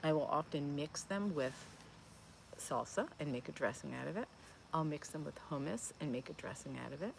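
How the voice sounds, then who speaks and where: A woman's voice: sits low, animated, normal speed, creaky, a little hiss or hum. A woman in her fifties hosting a live Q&A stream, chatting in a rambling way with lots of fillers and restarts as she answers viewer comments. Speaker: host of a plant-based cooking channel.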